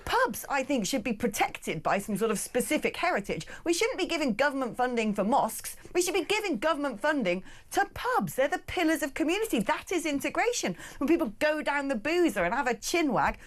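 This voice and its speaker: Lively cheeky woman. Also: sits high, a little fast, hardly any pauses. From West Country of England. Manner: cheeky, opinionated, jokey. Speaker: radio guest. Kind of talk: casual opinionated studio chat. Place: radio studio.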